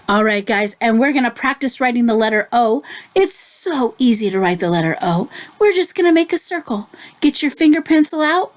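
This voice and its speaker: Gentle sing-song teacher woman. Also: a little high, big pitch swings, moderate pace. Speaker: kindergarten teacher. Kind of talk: circle time lesson and story read-aloud.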